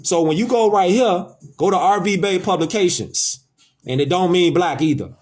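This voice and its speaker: A man's voice: high-pitched, moderate pace, darkish tone. A man hosting a casual talk, speaking emphatically and with swearing, repeating his points. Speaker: host. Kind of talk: casual conversation, preachy.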